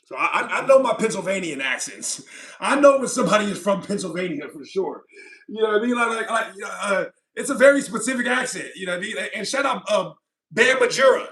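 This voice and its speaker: High bright-voiced male streamer. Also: animated, fairly quick. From California. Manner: rambling, repeats himself, laughs often. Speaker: livestream host. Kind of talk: casual livestream chat reading comments.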